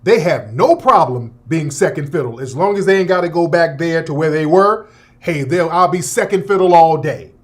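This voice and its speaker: Animated high-voiced male radio host. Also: moderate pace. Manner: profane, animated, laughing, with mocking put-on voices. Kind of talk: opinionated talk radio monologue.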